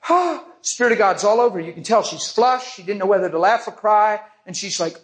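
A man's voice: high-pitched, animated, fairly quick, hardly any pauses. A man preaching a testimony, telling a vivid story and acting out the people in it.

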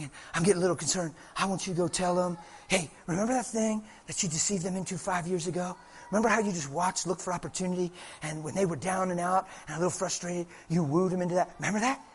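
A man voicing Satan as he plots and gives orders to a demon, in a low, hushed, conspiratorial tone. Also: husky. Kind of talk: sermon role-play.

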